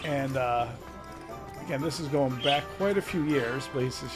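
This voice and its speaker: Middle-aged male streamer with a New Haven accent; easygoing rambling talk, loud game music underneath. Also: mid-range voice, normal speed. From Connecticut. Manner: rambling, chatty storyteller. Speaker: gaming streamer. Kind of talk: casual chat while playing.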